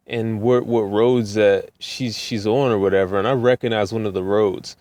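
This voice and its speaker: Laid-back young man with a low voice. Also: steady tone, a little slow, darkish tone, no echo. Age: young adult. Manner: laid-back, repeats filler phrases. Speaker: rideshare driver. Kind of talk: casual storytelling vlog.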